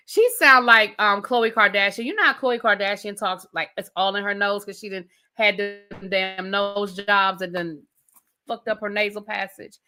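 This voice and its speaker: Incredulous, bright-voiced woman ranting. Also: mid-range voice. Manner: blunt, incredulous, rapid-fire rhetorical questions. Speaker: TV review host. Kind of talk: casual rant review.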